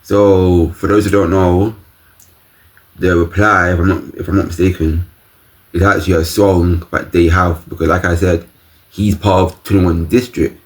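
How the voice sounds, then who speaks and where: Man, reaction host, low voice, animated exclamations, casual slang. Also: normal speed.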